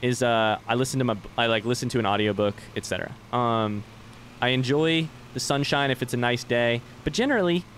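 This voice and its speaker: Playing a game on a live stream, a young man chats casually with his audience and swears offhandedly. He speaks fairly quickly in a mid-range voice with a fairly bright tone, over slight background noise.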